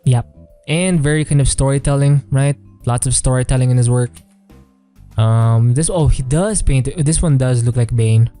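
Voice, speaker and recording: A man's voice: medium pitch, normal speed, faint music behind. A man giving casual, rambling commentary on artwork, full of fillers and hedging phrases. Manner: relaxed, rambling, many fillers and "kind of". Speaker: artist reviewing artwork.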